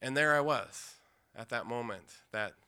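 A man from the Pacific Northwest telling an emotional personal story, intense, with pauses and restarts. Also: medium pitch, pushed and bright, clean tone. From Yakima, Washington, USA.

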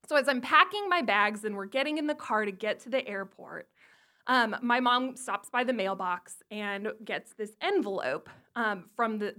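A woman telling a comic personal story in an animated way, swearing freely. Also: mid-range voice.

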